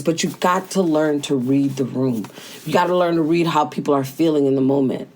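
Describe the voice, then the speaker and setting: A young woman with a fairly low voice gives motivational advice in a relaxed, slangy, conversational way. She speaks directly to her listener as the host of a daily talk. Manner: casual, conversational, slangy, talks straight to listener.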